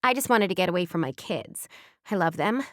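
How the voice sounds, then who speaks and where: Weary, wry young mother, voiced by a woman narrator; dry delivery, lowish pitch. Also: expressive, a little fast, dry recording, lightly acted.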